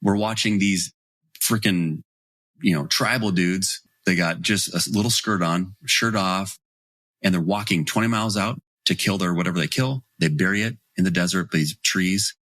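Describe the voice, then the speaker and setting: Man, 40s, husky, low voice, animated storyteller, dry sound. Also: normal speed, no room sound. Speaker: guest. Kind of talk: storytelling in podcast interview.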